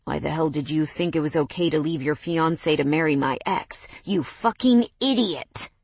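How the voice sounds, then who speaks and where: A woman's voice: fairly low pitch, moderate pace, no echo. A protective, defiant young man, as a woman narrator plays him who snarls firm warnings. The voice is raised and hard-edged, and it sounds dry and close. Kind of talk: audiobook character voice.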